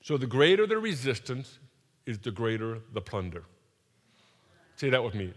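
A man preaching a sermon in a church, energetic and joking, leading the congregation to repeat phrases after him. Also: mid-range voice, normal speed, pauses often. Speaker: pastor. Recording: long reverb of a large hall.

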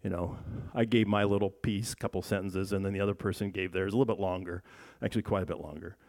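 A man's voice: low voice, fairly even intonation, quick pace, darkish tone. Chatty male pastor asking questions. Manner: chatty, asks the congregation questions, frequent restarts. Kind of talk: conversational sermon.

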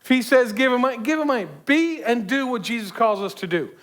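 A man preaches in a loose, conversational way, sliding into the voices of the people in his story. His voice sits high for a man. He often restarts and repeats words as he goes. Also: animated, a little fast. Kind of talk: sermon.

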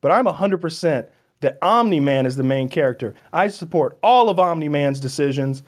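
A man with a somewhat high voice co-hosts a casual podcast. He rambles excitably and swears freely, gushing as he goes. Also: normal speed. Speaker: podcast co-host.

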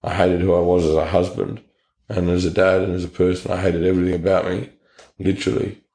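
A man's voice: deep voice, little pitch movement, quick pace, dark tone. An Australian man telling his personal story in an interview, blunt and earnest, with plenty of slang. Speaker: interview guest. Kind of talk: personal testimony. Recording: echoey room.

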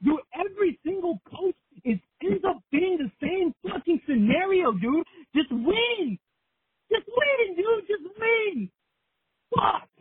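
A man's voice: extremely high pitch, big pitch swings, takes it slowly, no echo. A man screaming a profane rant as a caller to a sports show. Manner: yelling and profane. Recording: tinny phone line.

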